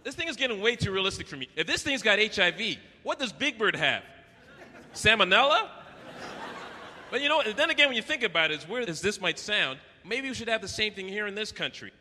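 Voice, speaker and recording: A man's voice: sits high, big pitch swings, brisk, sharp tone. A man from Canada performing a brash, profane stand-up comedy routine at a live venue. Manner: brash, profane, acts out voices. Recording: echoey hall with faint noise.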